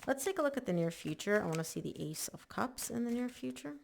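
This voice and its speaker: A woman's voice: fairly high pitch, expressive, fast, creaky, a little hiss or hum. A woman giving a casual tarot reading, chatty and emphatic, often saying "like" and acting out the listener's worries. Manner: chatty and emphatic, lots of "like" and "oh my gosh". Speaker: tarot reader.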